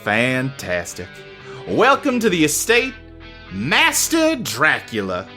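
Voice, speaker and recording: A man's voice: fairly high pitch, huge pitch swings, slow pace, sharp tone, soft background music, pitched above the performer's own voice, exaggerated voice. A man voicing a cheerful new head butler, a woman with an upbeat, sing-song manner. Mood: chipper.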